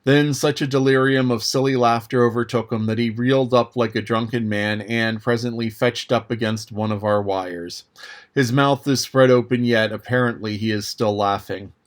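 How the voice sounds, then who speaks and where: Man, audiobook narration, measured, even pace, classic novel. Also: medium pitch. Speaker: audiobook reader. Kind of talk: scripted narration.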